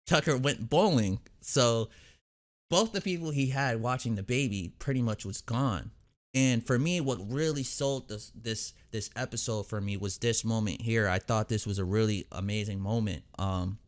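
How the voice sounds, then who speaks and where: A young man hosting a reaction video, casually recapping an episode in a rambling way, full of fillers and restarts. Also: medium pitch.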